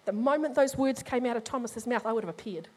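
A woman preacher in middle age with a high voice. She preaches with humor and life and speaks straight to her congregation. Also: fast talker. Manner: animated, humorous, addresses the congregation. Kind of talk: sermon.

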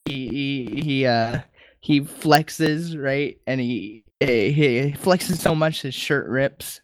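A man's voice: medium pitch, slow, dry recording, studio quality. A man co-hosting a podcast, narrating an improvised fight in a laughing, rambling way. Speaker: podcast co-host. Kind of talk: comedic improvised storytelling.

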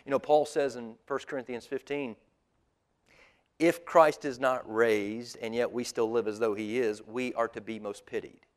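A man, a pastor preaching a sermon, who moves between loud emphatic calls and hushed near-whispers. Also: mid-range voice, fairly even intonation, normal speed, clean tone. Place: church auditorium.

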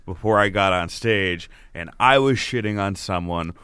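A man's voice: deep voice, moderate pace, clean tone, dry recording. A man, a comedian, telling stories in casual podcast chat, swearing freely and acting out what people said. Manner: animated, swears a lot, acts out quotes.

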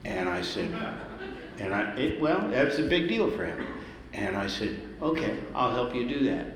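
A man's voice: medium pitch, very animated, normal speed, a bit bright. Storytelling man in a roomy hall. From Los Angeles, the Valley. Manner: casual anecdotal, acts out quoted voices. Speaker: musician, guest. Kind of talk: storytelling interview. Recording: roomy hall, ambient noise.

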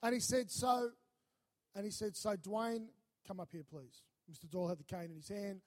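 A man preaching a sermon, telling a lively story and acting out the voices in it. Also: sits high, normal speed. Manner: animated, acts out voices in his stories. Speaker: pastor.

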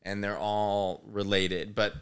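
A man from Chicago, a comedian guest on a podcast, who tells animated stories in casual chat and swears casually. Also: fairly low pitch, slow pace, clean tone. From Chicago, United States.

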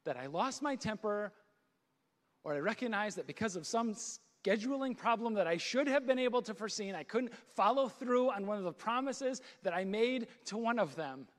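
High-voiced man preaching in a reverberant hall. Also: animated, normal speed. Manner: storytelling with laughs and self-deprecating asides. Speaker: pastor. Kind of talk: sermon.

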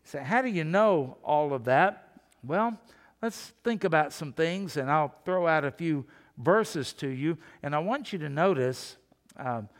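A man preaching a sermon as pastor, in a folksy, animated storytelling way. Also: a little high, big-room sound.

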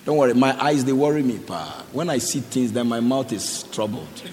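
A man's voice: medium pitch, animated, moderate pace, a little mellow. A male pastor exhorts his congregation, repeating short commands and quizzing people directly as he calls them forward. His voice carries a long echo in the hall, with faint noise underneath. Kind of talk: sermon calling for offerings. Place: church.

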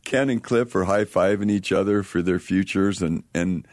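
Deep-voiced male interview host. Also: normal speed, no room sound, clean studio sound. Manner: frequent affirmations, animated storytelling. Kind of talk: casual interview conversation.

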